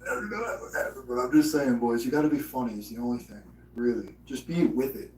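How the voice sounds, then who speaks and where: A male livestream host rambles through profane, casual chat and slips into mock impressions. He is a fast talker with a mid-range, slightly mellow voice, recorded in a roomy space at a distance from the mic.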